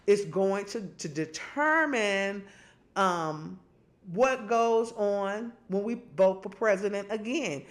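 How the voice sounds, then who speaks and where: A middle-aged woman, hosting and telling stories in casual, animated chat. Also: slow. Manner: animated storytelling, swings high and low. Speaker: host.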